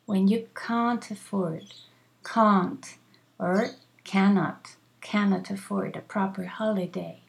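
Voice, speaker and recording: A woman teaching an English grammar lesson, speaking slowly and repeating example phrases so learners can practise them. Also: medium pitch, gravelly, darkish tone.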